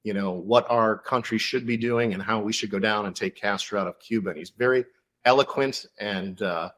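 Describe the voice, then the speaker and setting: Low-voiced man telling a story. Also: moderate pace. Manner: animated storytelling, many fillers. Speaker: author guest. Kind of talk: casual podcast interview.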